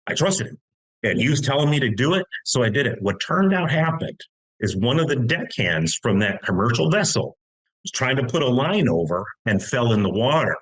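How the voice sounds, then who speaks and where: A man's voice: mid-range voice, sing-song, normal speed, a bit bright, rough recording. A middle-aged American man telling a long story in casual talk, long-winded with many restarts. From United States. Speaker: podcast guest.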